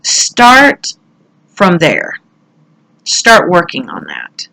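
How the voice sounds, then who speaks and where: Bright-voiced woman giving a tarot reading. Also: lowish voice, wildly swooping pitch, drawn-out words, creaky, poor audio. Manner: chatty and candid, swears, laughs at herself. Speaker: tarot reader. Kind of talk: casual tarot reading talk.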